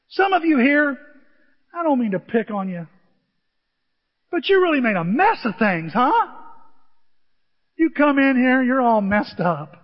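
High-voiced pastor in an echoing hall. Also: male voice, dull audio. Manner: animated storytelling, acting out dialogue. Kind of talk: sermon.

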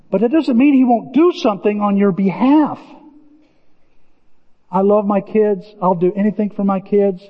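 Older man, pastor preaching, high voice, long hall reverb, dull muffled sound. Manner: impassioned, rising to shouts, with folksy asides. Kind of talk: sermon.

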